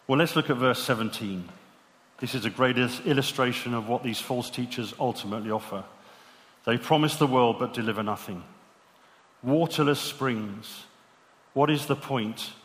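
Male preacher, mid-pitched, earnest sermon delivery, long hall reverb. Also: a bit bright. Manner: earnest, many rhetorical questions.

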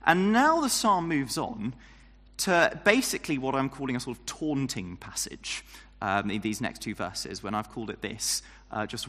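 A man's voice: mid-range voice, expressive, moderate pace, fairly bright tone. A man giving a conversational sermon on a psalm, explaining verses with frequent fillers and acting out mocking quoted lines. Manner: conversational, many fillers, lapses into mock-taunting quoted voices. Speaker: preacher. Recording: long hall reverb.

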